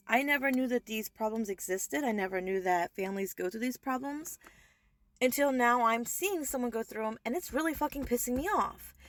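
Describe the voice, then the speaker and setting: A young woman vents straight to her camera in a heated rant, swearing freely and hammering her points home. Her voice sits a little high for a woman, and she stays fired up without letting it boil over into yelling. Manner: heated, profane, emphatic. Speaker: vlogger. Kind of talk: angry social media rant.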